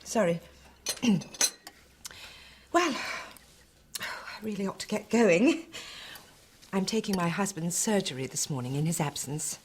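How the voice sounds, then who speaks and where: Prim politician's wife, polite and deadpan, lively pitch, noisy tv audio. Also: female voice, a little slow, pauses often. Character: prim middle-class politician's wife, cool and dry. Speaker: sitcom character. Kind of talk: sitcom acting. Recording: noisy TV clip.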